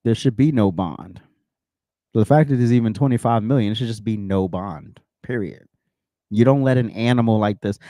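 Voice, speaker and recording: A man's voice: mid-range voice, dark tone, no room sound, clean studio sound. A man hosting a commentary show, reacting to news clips with blunt, profane, mocking rants. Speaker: host.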